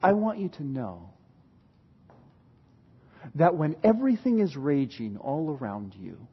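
Husky high-voiced pastor preaching slowly. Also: male voice, sing-song, highs cut off. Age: adult parent. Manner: dramatic, shifts from loud retelling to hushed emphasis. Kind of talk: sermon.

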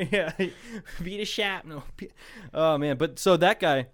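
A man co-hosting a casual podcast, his voice sitting a bit high for a man. He tells stories in a loose, rambling way, full of swearing and laughter, in relaxed back-and-forth chat. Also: measured pace. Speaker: podcast co-host.

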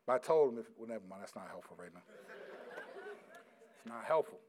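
A middle-aged male pastor preaching a sermon, reading scripture loudly and slowly, then dropping into quiet, casual stories about his sons. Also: on the low side, expressive, a faint crowd. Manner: swings from loud emphatic scripture reading to quiet storytelling.

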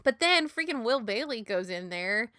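A woman's voice: on the high side, lively intonation, moderate pace, bright, forceful tone, clear, resonant tone, no echo, studio quality. A woman in a casual TV recap chat, enthusiastic and chatty, full of likes. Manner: enthusiastic, chatty, says like a lot.

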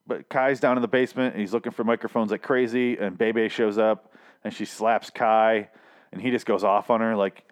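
A man's voice: lowish voice, steady tone, brisk. Casual swearing guy recapping a TV episode. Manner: swears freely, acts out characters' lines with rising shouts. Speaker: TV recap vlogger.

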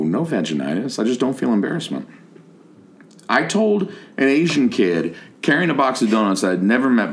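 Animated, profane middle-aged man. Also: fairly low pitch. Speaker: podcast host. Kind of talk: casual comedic storytelling.

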